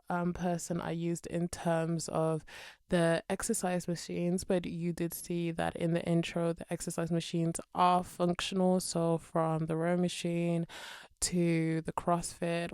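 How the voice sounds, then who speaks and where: Young British woman, chatty and rambling, mellow dark tone, dry close mic. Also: on the low side, gravelly, dry recording. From Birmingham, England. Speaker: game build creator. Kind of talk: casual voice-over chat. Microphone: desk microphone.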